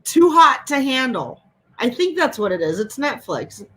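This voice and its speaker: A woman's voice: high-pitched, big pitch swings, a little slow, fairly bright tone, low-quality recording. A woman hosting a casual chat over a video call, telling stories with a lot of laughter. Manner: chatty, laughing storyteller. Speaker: host.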